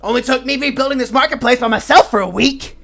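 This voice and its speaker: Man playing a cranky old gnome: high, loud, grumbling, shouts at everyone. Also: quick pace, creaky, exaggerated voice. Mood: cranky yelling. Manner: yelling, grumbling, indignant.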